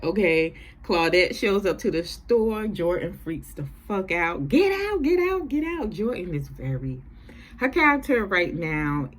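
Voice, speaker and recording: A woman chatting casually through a TV episode recap, animated and profane, with features. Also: low-pitched, slight background noise. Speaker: recap vlogger.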